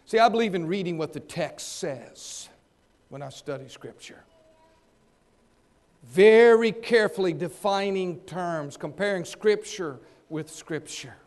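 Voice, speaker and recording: A man preaching a sermon, acting out the people in the story and swinging between loud and soft. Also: high-pitched, unhurried. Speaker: pastor.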